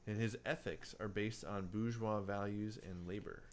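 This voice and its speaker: Low-voiced man chatting casually on a podcast. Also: steady tone, moderate pace, a little hiss or hum. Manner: rambling, many fillers and restarts. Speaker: podcast co-host. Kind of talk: casual book-club chat.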